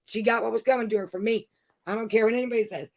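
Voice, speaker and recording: A woman's voice: on the high side, steady tone, very fast, darkish tone, no echo. A woman venting in an angry, profane rant, swearing nearly every sentence.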